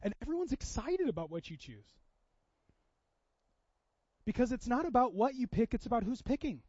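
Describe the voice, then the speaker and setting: A middle-aged man with a very high voice preaches a sermon, acting out family dialogue as he tells his stories. The sound is dry and a little dull. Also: big pitch swings, moderate pace, a little mellow, dry recording. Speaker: pastor.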